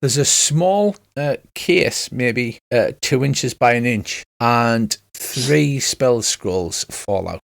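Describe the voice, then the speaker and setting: A man's voice: mid-range voice, expressive, takes it slowly, creaky, hardly any pauses, no room sound, clean studio sound. A man narrating as game master of a tabletop game, chatty and laughing often.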